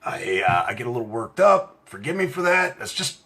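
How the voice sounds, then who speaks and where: A middle-aged American man giving an impassioned, profane talk about rights, swinging from quiet asides to shouting. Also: medium pitch, big pitch swings, fairly quick, gravelly. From United States. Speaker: self-styled legal rights speaker. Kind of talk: impassioned direct-to-camera rant.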